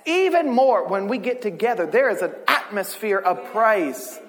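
A male pastor preaching in a church, animated and expressive as he swings from quiet intimacy to loud shouts. His voice is high and bright, with a long hall reverb behind it. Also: moderate pace. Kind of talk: sermon.

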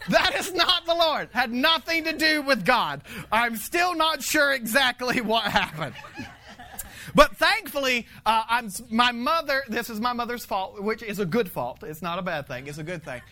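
A man preaching a conversational sermon, animated, laughing often and swinging from loud to hushed. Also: very high voice, normal speed. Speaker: pastor.

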